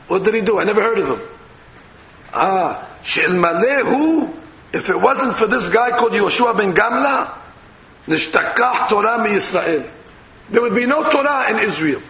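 A rabbi, telling a lively story in a Torah lesson and acting out the voices of the people in it. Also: male voice, sits high. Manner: animated storyteller acting out dialogue. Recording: echoey, dull room recording with faint noise.

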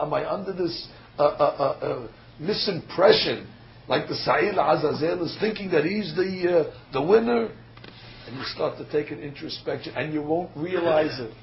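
Guy giving a sermon, kinda high gravelly voice, lots of rhetorical questions, muffled recording. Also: slight background noise. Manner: emphatic, rhetorical questions, stumbles on fillers. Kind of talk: sermon with storytelling. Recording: dull lo-fi recording with faint ambience.

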